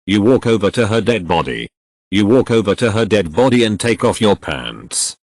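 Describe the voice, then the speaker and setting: A man narrating comic text-game stories in a deadpan way, breaking off with exasperated asides. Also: fairly low pitch, normal speed. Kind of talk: comedic story reading.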